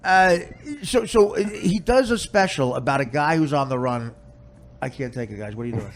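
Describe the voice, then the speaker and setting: A man's voice: medium pitch, lively intonation, moderate pace. A man hosting a podcast who tells crude, comic stories in a casual way, often laughing as he talks. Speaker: podcast host. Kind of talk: comic storytelling.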